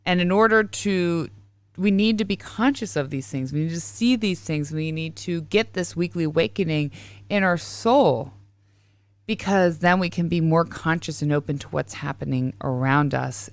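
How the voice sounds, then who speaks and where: A woman's voice: low voice, moderate pace, no echo. A tired woman in her thirties hosting a podcast, rambling casually and laughing at herself. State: tired, yawning. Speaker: podcast host. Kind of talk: casual spiritual monologue.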